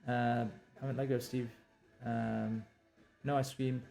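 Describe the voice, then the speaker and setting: A man's voice: medium pitch, little pitch movement, creaky, warm tone, soft background music. Man thinking aloud while drafting a novel. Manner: halting, many fillers and restarts, reads draft lines aloud. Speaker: novelist live-streaming his writing.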